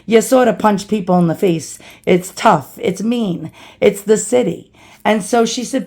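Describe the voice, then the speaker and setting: A woman's voice: mid-range voice, moderate pace, darkish tone. A woman from New City, casually telling a personal story and acting out the people in it. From New York City. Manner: chatty, acts out quoted people. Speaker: storyteller vlogger.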